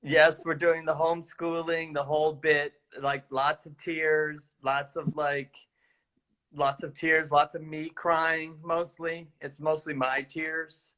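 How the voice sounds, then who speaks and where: Middle-aged man, somewhat high voice, playful riffing, casual chat, video call from home. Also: level tone, takes it slowly, sharp tone. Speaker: guest.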